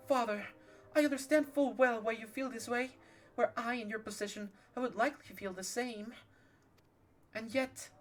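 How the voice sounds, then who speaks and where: A man's voice: very high-pitched, voice pushed up. A man voicing an earnest, formal young noble lady in a posh voice, reading game dialogue aloud.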